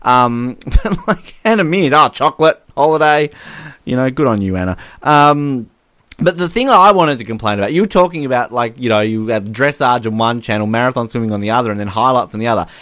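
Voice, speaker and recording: Aussie guy on a podcast, super lively voice, dry close mic. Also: medium pitch, brisk, no echo. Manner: animated, lots of acted-out quotes and laughs. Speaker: podcast co-host. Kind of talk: casual chat.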